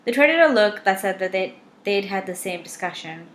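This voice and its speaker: A woman's voice: mid-range voice, expressive, normal speed. Woman reading a wry first-person novel. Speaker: audiobook reader.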